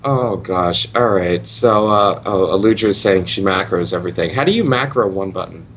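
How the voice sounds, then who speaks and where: A man's voice: low voice, normal speed, a bit bright, slight background noise. A man hosting a podcast in casual chat, easygoing and laughing a lot.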